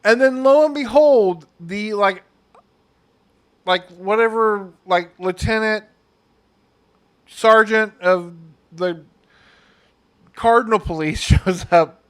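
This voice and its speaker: A man's voice: high-pitched, takes it slowly, pauses often, clean tone. A young man hosting a casual movie review, rambling and sarcastic, with many fillers.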